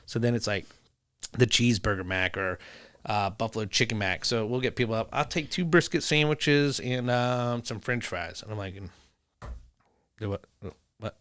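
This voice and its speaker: A man telling animated stories in a casual podcast chat, laughing often and acting out dialogue. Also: on the low side, normal speed, long pauses, dry recording. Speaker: podcast guest, food truck owner.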